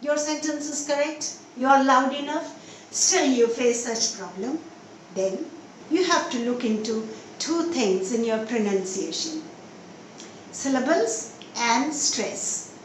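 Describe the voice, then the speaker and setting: A woman teaching English pronunciation, asking questions and answering them herself, and repeating example words slowly. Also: high-pitched. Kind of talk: pronunciation lesson. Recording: echoey room, mic a bit distant, faint noise.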